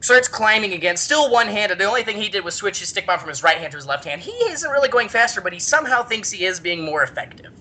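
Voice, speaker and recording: A young man hosting a podcast, telling a rambling story in an excitable, giggly way. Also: high-pitched, quick pace, few pauses. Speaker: podcast host. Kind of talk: casual storytelling chat.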